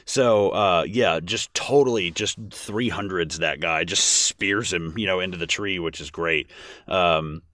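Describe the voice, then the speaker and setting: A man's voice: deep voice, unhurried, sharp tone, no room sound. A man co-hosting a casual movie podcast, rambling with lots of fillers and restarts. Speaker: podcast co-host.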